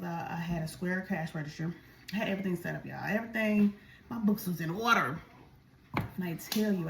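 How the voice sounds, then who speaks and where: Gravelly-voiced woman chatting while eating. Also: on the low side, a little mellow, slight background noise. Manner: chatty, talks straight to viewers. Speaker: vlogger. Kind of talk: casual storytelling while eating. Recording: echoey room.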